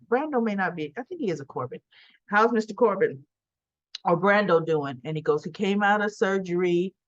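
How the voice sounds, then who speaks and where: A woman's voice: mid-range voice, no echo, muffled recording. A woman recapping a soap opera episode in a casual, chatty way, acting out the characters' lines as she goes. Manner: chatty, acts out dialogue in quoted lines. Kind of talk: casual recap retelling scenes.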